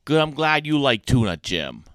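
A man's voice: medium pitch, sing-song, moderate pace, a bit bright, dry recording. A man hosting a playful homemade radio show, with goofy, repetitive banter.

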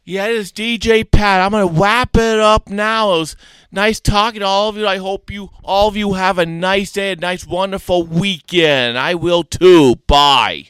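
A man's voice: sits high, steady tone, normal speed, a bit bright, clear, resonant tone, dry recording. A man hosting a playful homemade radio show, with goofy, repetitive banter.

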